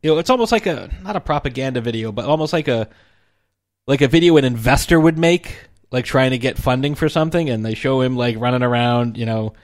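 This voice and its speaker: A man's voice: medium pitch, a little fast, no echo, clean studio sound. A man chatting casually about movies, rambling with lots of fillers and restarts. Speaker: film commentator. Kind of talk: casual film discussion.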